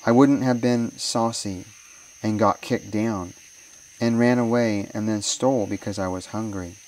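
A man's voice: fairly low pitch, steady tone, unhurried, a little mellow, recorded from a distance, close to an everyday voice, low-quality recording. A man reading a grieving orphan boy. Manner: sobbing, pleading.

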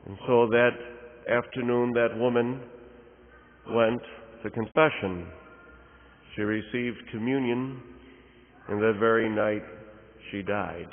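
Priest telling a story in a reverberant church. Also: male voice, medium pitch, steady tone, narrow, tinny audio. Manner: storytelling with pauses and fillers. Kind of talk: sermon. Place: large church.

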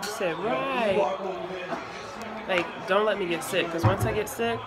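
A woman's voice: mid-range voice, a little fast, over a noisy crowd. A young woman vlogging casually at a family holiday gathering, coughing and congested, chatty and teasing as she talks to her viewers. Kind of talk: casual home vlog chat.

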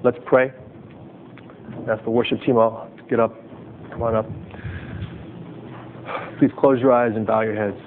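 A man's voice: level tone, measured pace, pauses often. A male pastor preaching a sermon in short, emphatic phrases, then leading the congregation in fervent prayer. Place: chapel service. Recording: tinny lo-fi recording with low rumble.

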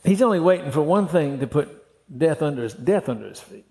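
A man's voice: fairly high pitch, lively intonation, fast, a little mellow. Folksy man preaching in a hall. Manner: folksy preaching, acts out quoted voices, laughs often. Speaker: pastor. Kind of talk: sermon. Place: church hall.

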